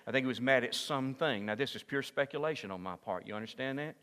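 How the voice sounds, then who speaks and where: A man preaching a sermon as pastor in a church, moving from hushed asides to loud, impassioned peaks. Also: mid-range voice, fast talker, clean tone, long reverb tail. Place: church sanctuary.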